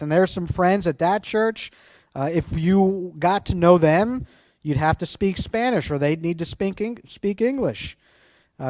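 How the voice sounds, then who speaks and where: A man, a church pastor, giving a friendly children's mission lesson, addressing the kids directly and slowing down over new words. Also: high-pitched, darkish tone, dry recording.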